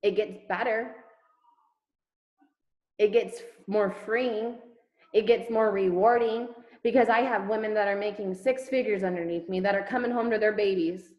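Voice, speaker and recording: A woman's voice: medium pitch, fairly even intonation, moderate pace, a little mellow, reverberant, low-quality recording. A woman leading a network marketing team, giving an emphatic motivational talk over a video call, firing rhetorical questions and repeating words for effect. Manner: emphatic, rhetorical questions, repetition, casual swearing.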